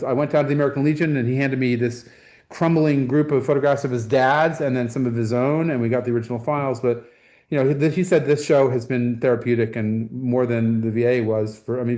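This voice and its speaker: Halting man giving a gallery talk. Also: medium pitch, a little mellow. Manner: halting, with frequent ums and restarts. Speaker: museum staff presenting an exhibition. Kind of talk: informal gallery talk with slides.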